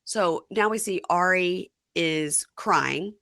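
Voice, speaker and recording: Bright-voiced woman dishing a TV recap. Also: lowish voice, slow pace, vocal fry, no echo, clean studio sound. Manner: acts out reality TV quotes with big voice swings. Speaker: podcast host. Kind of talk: casual recap chat.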